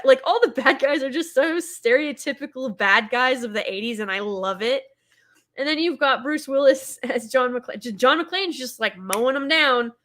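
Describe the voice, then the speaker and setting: A woman's voice: on the high side, sharp tone. A woman chatting enthusiastically about a favorite movie, full of fillers and restarts. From Texas. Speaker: host. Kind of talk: casual movie commentary.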